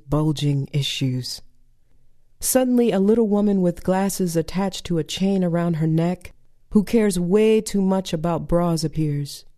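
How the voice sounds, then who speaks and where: A woman's voice: fairly low pitch, warm tone. A woman poet performing a spoken-word poem with a dry, sardonic, rhythmic delivery.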